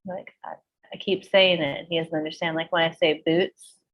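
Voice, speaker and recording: A woman's voice: sits low, moderate pace, lo-fi sound. Blunt, swearing woman podcast host. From San Francisco Bay Area. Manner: swears freely, animated storytelling. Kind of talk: casual chat.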